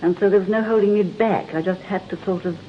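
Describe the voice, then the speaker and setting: A woman's voice: mid-range voice, steady tone, quick pace. An older woman from England, a guest on a talk show, telling stories in a chatty way and laughing often. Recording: dull lo-fi broadcast with faint hiss.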